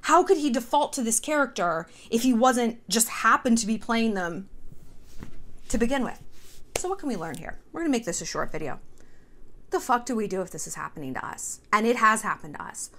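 A woman hosting a casual commentary video, sarcastic and profane, tossing in quick mock voices. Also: fairly high pitch, lively intonation, a bit bright, a little hiss or hum. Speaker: commentary host.

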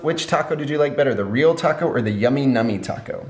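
A woman's voice: very deep voice, lively intonation, fast talker, a little mellow, slight background noise. A woman hosting a family vlog, playful and teasing as she tallies the kids' votes. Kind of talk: casual family vlog chat.

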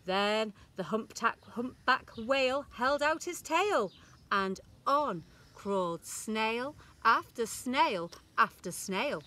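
A woman infant school teacher reads a rhyming picture book aloud to young children. Her voice sits a little high and she takes her time, sing-song and expressive, leaning into each rhyme. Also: slow.

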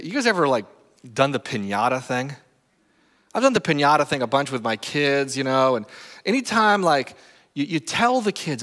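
A man preaching an animated sermon as a pastor, acting out stories and checking in with his listeners. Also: fairly high pitch. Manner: animated, acts out stories, talks to the crowd with "right?". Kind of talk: lively storytelling sermon. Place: church sanctuary. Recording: long reverb of a church hall.

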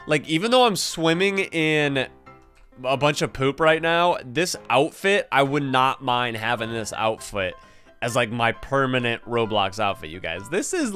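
A young man commenting on a game with hyped-up energy and lots of slang. His voice is fairly high and smooth. Faint game music plays underneath. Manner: excitable, hype slang, frequent laughter. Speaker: gaming video host. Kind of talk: casual gameplay commentary.

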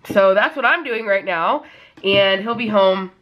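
A woman's voice: medium pitch, unhurried, highs cut off. A young woman with a nasal voice, chatting casually to camera at home in a rambling vlog. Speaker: vlogger. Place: at home, indoors.

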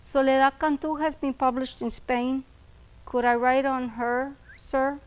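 A woman voicing a quiet young male college student who speaks earnestly and casually, pleading his case. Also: high voice, flat delivery, a little slow, clean tone.

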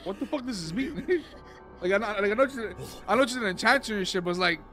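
A man reacting live to an anime episode, excitable and cursing, yelling at the screen and laughing often. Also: high voice, fast talker, over music.

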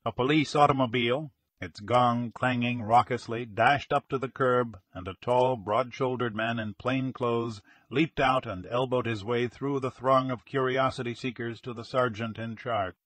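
Husky male audiobook narrator. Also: medium pitch, no echo. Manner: steady, measured storytelling. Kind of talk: scripted narration.

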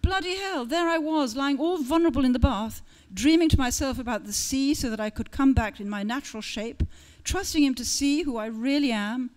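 A woman's voice: high-pitched, brisk, hardly any pauses. Woman author reading her story expressively. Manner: lively storytelling, shifting tone for characters.

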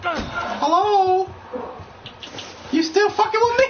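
A woman trash-talking loudly over her gameplay, shouting and laughing at the screen. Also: extremely high pitch, slow pace, noisy background. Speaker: gamer. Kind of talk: loud gameplay commentary. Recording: dull capture with game music.

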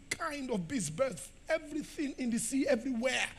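A middle-aged Nigerian pastor preaching a fiery sermon in a church, shouting, laughing and firing questions at the congregation. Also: male voice, very high voice, sing-song, quick pace, few pauses, slightly rough.

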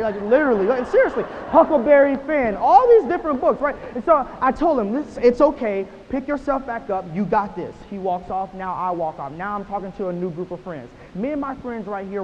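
A man giving a motivational keynote to students, telling stories with rhetorical "right?" tags and swinging from quiet lines to loud ones. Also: sits high. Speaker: motivational speaker. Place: large school auditorium. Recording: hall reverb, dull lo-fi sound, faint hiss.

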